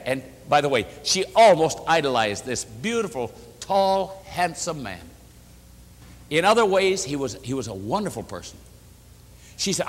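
A man's voice: a little high, lively intonation, moderate pace, in a large hall. A man preaching a sermon, telling a story with emphatic, pleading delivery. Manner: emphatic, rising to impassioned pleading.

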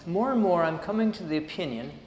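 A man's voice: sits high, expressive, fast, a little mellow, slight background noise. A man preaching a sermon, reading passages aloud and breaking into casual, chuckling asides. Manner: reads passages then riffs casually with laughs and asides. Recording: roomy hall with long reverb.

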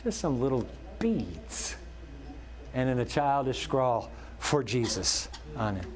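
A male pastor preaching a sermon. He tells stories animatedly and drops to soft, slow words for emphasis. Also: mid-range voice, sing-song.

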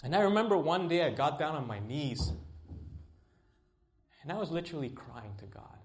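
A middle-aged man preaching a sermon in an earnest voice, rising to pleading and dropping to quiet tones. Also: animated, moderate pace. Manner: earnest, swings from pleading highs to quiet lows. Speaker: pastor.

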